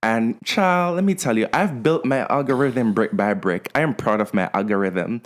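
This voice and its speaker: A man's voice: mid-range voice, normal speed. A man co-hosting a casual podcast, telling a story with many restarts and fillers. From Canada. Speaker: podcast co-host.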